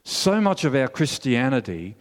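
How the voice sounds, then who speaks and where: A male pastor preaching a sermon in an earnest, measured, storytelling manner. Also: mid-range voice, big pitch swings. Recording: long hall reverb.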